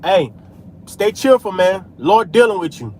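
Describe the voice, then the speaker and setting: Guy with a high voice preaching in his car, keeps saying man, little road hum behind. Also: sing-song, unhurried, a little mellow. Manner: street preaching, repeats "man" and "hey". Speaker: religious vlogger. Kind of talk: preaching while driving.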